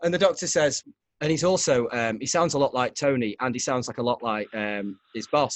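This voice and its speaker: A man's voice: mid-range voice, brisk, no echo. Brief: male podcast host, rambling storyteller, dry close sound. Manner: rambling, laughing. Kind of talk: casual storytelling chat.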